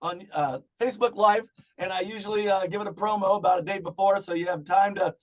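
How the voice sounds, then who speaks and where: A middle-aged man in casual chat as a podcast guest, swearing often and breaking into loud rants. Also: high-pitched, fairly even intonation, fairly quick. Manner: profane, ranting, loud bursts.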